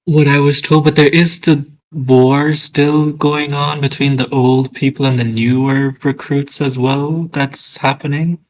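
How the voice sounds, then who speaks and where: A man's voice: medium pitch, fairly even intonation, a little slow, hardly any pauses, poor audio. A man playing in a tabletop role-playing game, speaking casually and tentatively. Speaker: player.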